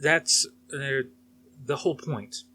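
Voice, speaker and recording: A man's voice: mid-range voice, takes it slowly, bright, forceful tone, a little hiss or hum. A man reading aloud, voicing a combative male scholar who lectures with pointed sarcasm. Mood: defensive.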